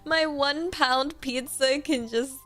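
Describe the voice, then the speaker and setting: A woman's voice: sits high, fairly even intonation, slow, bright, forceful tone, faint music behind. A young woman from Britain, a streamer chatting casually in a bubbly, rambling, giggly way. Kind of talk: casual livestream chat.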